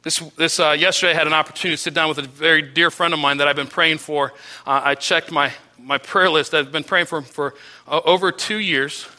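Pastor mid-sermon, man, high and very bright voice, earnest, with soft low drops on key lines. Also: steady tone, a little fast. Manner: earnest preaching with restarts, voice dropping low and soft on key phrases.

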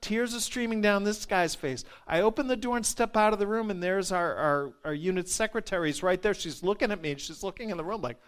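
Male nurse, slightly high voice, animated storyteller, quick to laugh. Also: clean tone. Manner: animated, laughs often, repeats words. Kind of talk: storytelling testimony.

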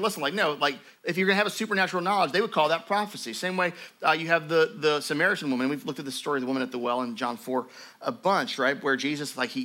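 A man teaching a sermon as pastor, telling stories in a lively conversational way with frequent asides to his listeners. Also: fairly high pitch. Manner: animated storytelling, conversational asides.

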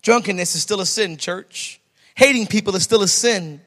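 A male pastor with a notably high, fairly bright voice preaches a sermon at a moderate pace. He leans hard on repeated phrases to drive each point home, and a long reverb tail fills the church around him.

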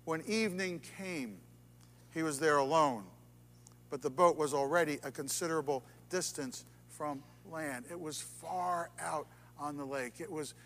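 A male pastor preaching a sermon, swinging from loud emphatic lines down to hushed near-whispers. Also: fairly high pitch, measured pace, long reverb tail. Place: church sanctuary.

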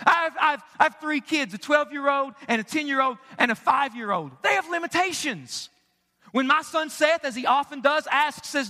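A man's voice: very high voice, expressive, normal speed, bright, forceful tone. A man preaching a sermon to his congregation, emphatic and conversational, with rhetorical questions and jokes. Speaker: pastor. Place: church sanctuary. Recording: long hall reverb.

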